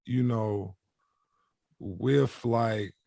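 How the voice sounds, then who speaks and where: A man's voice: fairly low pitch, very slow, creaky, warm tone, dry recording, studio quality. A man co-hosting a sports podcast, talking casually and often checking that his point lands. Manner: conversational, asks for agreement with asides. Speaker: podcast co-host.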